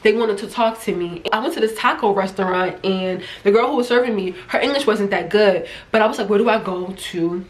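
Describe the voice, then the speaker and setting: A woman's voice: medium pitch, fairly quick, few pauses. A middle-aged American woman from New Jersey, chatting casually to camera as a travel vlogger and acting out the voices of people she met. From United States, New Jersey. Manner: chatty, animated, acts out quoted voices.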